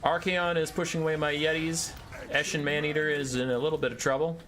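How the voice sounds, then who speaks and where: A man's voice: on the high side, flat delivery, a little fast, noisy background. A young man giving live commentary on his own strategy game match, issuing orders to his units with sarcastic, joking asides.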